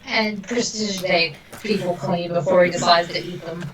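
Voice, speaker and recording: A woman's voice: lowish voice, fairly even intonation, normal speed, a loud crowd. A woman playing a tabletop game, speaking hesitantly with some stammers. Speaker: player. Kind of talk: casual tabletop play.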